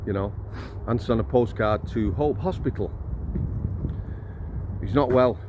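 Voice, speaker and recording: Middle-aged bloke, ex-prison officer, casual and cheeky storyteller, mid-range pitch, faint traffic in the background. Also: male voice, measured pace. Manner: chatty, blunt and jokey, laughs mid-story, addresses viewers as guys. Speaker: former prison officer telling stories.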